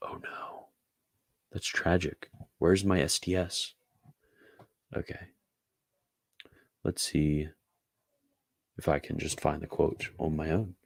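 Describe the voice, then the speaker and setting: A man who reads a theology passage aloud in a measured way, then answers viewer questions in a loose, casual chat with fillers. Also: very deep voice, steady tone, vocal fry, dry recording.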